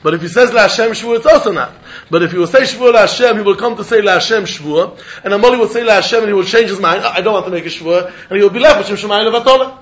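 Speaking in rapid-fire bursts, a high-pitched man with a slightly bright voice gives a yeshiva-style Talmud lecture in a singsong study chant. English mixes with Hebrew, Aramaic and Yiddish words, and the recording's highs are cut off.

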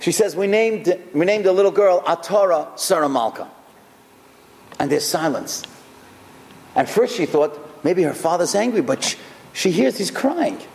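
A rabbi delivers a storytelling sermon with a high, lively voice that leaps around as he talks. He is recorded in a large hall with a long, ringing reverb trailing each phrase. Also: unhurried, vocal fry. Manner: animated, expressive storyteller.

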